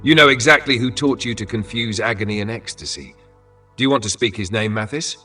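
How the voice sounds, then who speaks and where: A relentless male inquisitor speaks in a cold, clipped way, as a man reads him. The tone is bright and forceful and sits fairly low. It sounds a little distant, with faint music underneath. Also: brisk.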